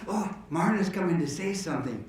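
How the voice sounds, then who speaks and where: A man entertaining an audience, telling jokes and stories in a lively, animated way. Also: sits high, brisk. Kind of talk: joke telling and storytelling to an audience. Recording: echoey hall, distant mic, faint guitar.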